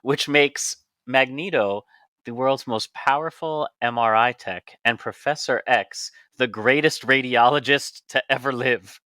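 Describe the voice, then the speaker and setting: A man co-hosting a medical podcast, laying out ideas in a steady, playful explanatory way. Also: medium pitch, measured pace, dry recording. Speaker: podcast co-host, physician. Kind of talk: casual podcast chat.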